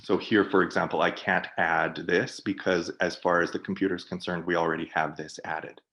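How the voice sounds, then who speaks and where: A man on a video call, presenting for a product team and walking through software in a webinar while thinking aloud. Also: low-pitched, flat delivery, fairly quick.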